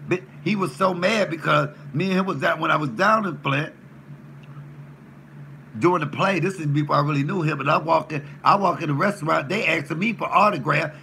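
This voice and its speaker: A man, a comedian, ranting profanely with loud trash talk and mock threats while cooking. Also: a little high, fairly quick, a little hiss or hum. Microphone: camera mic in a home kitchen.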